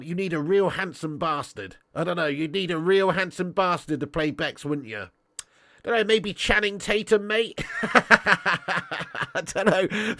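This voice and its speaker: A man's voice: fairly high pitch, fairly bright tone, no echo, clean studio sound. A man hosting a football fan stream, chatting bluntly with viewers and swearing freely, with a stuffy nose. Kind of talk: casual live-stream chat reading viewer comments.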